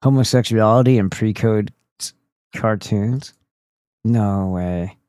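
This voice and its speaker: A man's voice: fairly low pitch, takes it slowly, a little mellow, no room sound. A man hosting a casual livestream, talking in a goofy, profane and rambling way. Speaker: streamer host.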